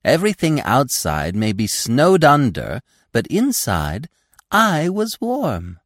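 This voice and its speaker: A man's voice: medium pitch, huge pitch swings, slow pace, fairly bright tone, dry recording, studio quality, voice pushed up, exaggerated voice. A man voicing a proud, boastful young deer boasting of his winter among people. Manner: boastful, superior.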